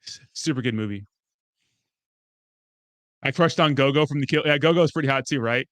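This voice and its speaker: A young man chatting casually as a streamer, rambling and excitable, swearing often and breaking into laughs. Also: mid-range voice, normal speed, no room sound, clean studio sound. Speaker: crypto streamer. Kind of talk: casual chat.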